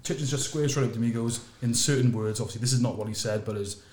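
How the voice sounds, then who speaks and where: A man spinning a rugby yarn at a fast, tumbling clip, his voice bouncing off the walls of an echoey room. He tells it in a lively way and falls to a low, quiet murmur for his asides. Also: noisy background. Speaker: podcast host and former sevens captain. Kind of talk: animated storytelling in a casual chat.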